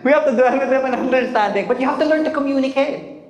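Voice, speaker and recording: A man with a Filipino accent preaching a sermon as pastor, animated and mixing in Tagalog while calling for amens. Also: very high-pitched, fast talker, lo-fi sound. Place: church hall. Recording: echoey church hall with long reverb.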